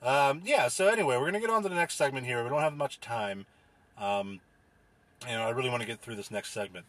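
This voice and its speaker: A man moderates a comedy panel, deadpan and exasperated, and swears freely as he pushes things along. His voice sits lower and flatter than his characters'. The sound is dry and close, with no room around it. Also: a little fast, dry recording.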